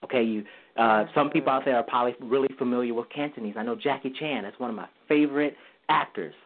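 A man on a tinny phone line talks through the tones of Mandarin, singing short vowel sounds to show how each one moves. His voice sits at a middling pitch, and he laughs easily as he explains. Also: fast talker. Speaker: guest language teacher. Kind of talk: casual interview explanation.

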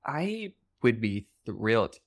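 A man's voice: fairly low pitch, slow pace, vocal fry. Easygoing man, wry podcast co-host. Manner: relaxed, wry, joking asides. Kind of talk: casual chat recapping a TV episode.

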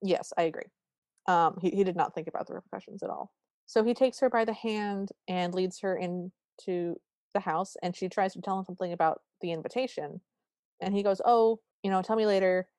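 On a podcast, a woman co-host casually walks through a film's plot, lively in her storytelling and voicing the characters' quotes. Her voice is lowish and fairly quick, with no echo.

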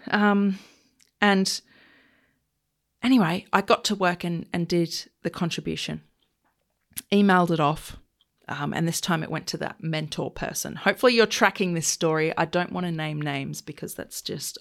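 A woman's voice: fairly low pitch, creaky, fairly bright tone. A woman podcast host in her thirties telling a personal story candidly, acting out the dialogue she recalls. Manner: candid, conversational, acts out quoted dialogue.

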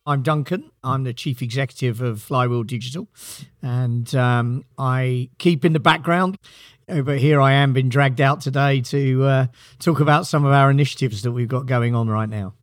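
A man's voice: medium pitch, steady tone, moderate pace, no room sound. A British man, a company chief executive, answering interview questions in a dry, self-deprecating way.

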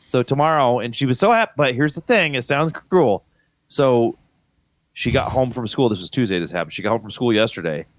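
A man in his thirties, a father and co-host, telling a family story in casual chat with lively delivery. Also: a little fast, slight background noise. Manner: animated, acts out his daughter's voice in high squeals.

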